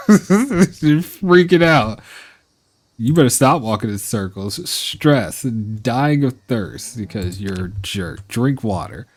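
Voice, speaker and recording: A man's voice: lowish voice, expressive, unhurried, hardly any pauses, breathy edge. A man streaming live gameplay, chatting to his viewers and scolding the animals in the game, laughing and exasperated.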